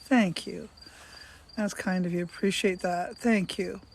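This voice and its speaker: A woman's voice: fairly low pitch, fairly even intonation, measured pace, darkish tone. Chatty older woman livestreaming outdoors. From Canada. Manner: chatty, greets viewers by name, repeats questions. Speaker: livestream host. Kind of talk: casual live-stream chat. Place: outdoors on a sunny day. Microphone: phone.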